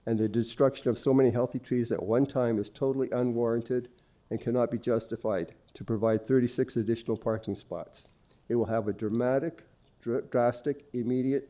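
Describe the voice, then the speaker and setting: A man's voice: medium pitch, dark tone. A man reading a prepared statement at a public hearing, earnest and formal. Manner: earnest, formal, reads from notes. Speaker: resident speaking at a public hearing.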